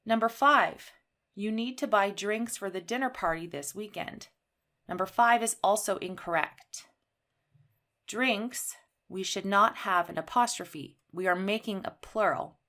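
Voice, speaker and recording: A woman from Canada runs an English grammar lesson at a measured pace. She stresses key words one at a time, with a mid-range voice that is neither high nor low. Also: bright, forceful tone. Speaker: English teacher.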